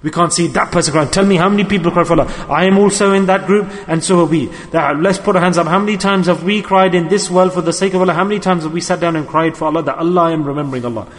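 High-voiced man preaching in an echoing hall. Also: rapid-fire, hardly any pauses. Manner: impassioned, repetitive rhetorical questions. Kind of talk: sermon. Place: mosque gathering.

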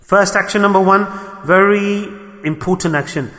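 A man's voice: sits high, normal speed, bright, forceful tone, big-room sound. A man preaching a sermon to his congregation, asking rhetorical questions and acting out the complaints of others.

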